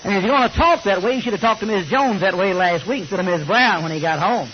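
A man's voice: high-pitched, fast. An older man preaching a sermon, telling folksy, joking stories. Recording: slightly muffled recording with faint hiss.

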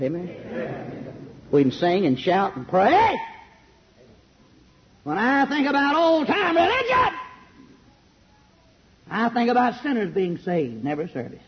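A man preaching a fiery old-fashioned sermon in a large church, shouting some lines and dropping low on others. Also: slightly rough. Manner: shouting emphatic preaching, swinging loud and soft. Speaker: pastor. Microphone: handheld microphone. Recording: dull lo-fi sermon recording.

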